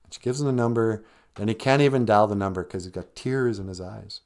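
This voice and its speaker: A man's voice: lowish voice, a little fast, darkish tone. A man hosting a live podcast, telling a rambling, self-deprecating story in a casual, conversational way before playing a song. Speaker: podcast host and musician.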